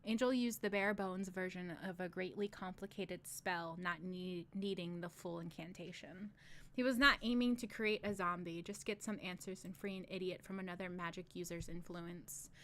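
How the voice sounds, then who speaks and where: A woman reading a fantasy novel aloud on a live stream, steady in the narration and breaking off for joking asides. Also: on the low side, normal speed. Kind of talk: casual read-aloud with asides.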